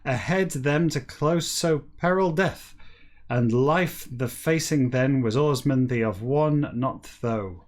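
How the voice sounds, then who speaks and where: A man with a mid-pitched voice reads a text backwards in a flat, deadpan delivery. He stops now and then for dry, self-mocking comic asides. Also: takes it slowly. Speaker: host reading a novel backwards.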